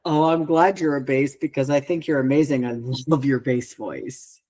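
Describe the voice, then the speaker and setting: A woman hosts a podcast interview with an upbeat, encouraging manner. Her voice sits a bit low, and she keeps the questions friendly. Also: moderate pace, warm tone. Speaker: podcast host.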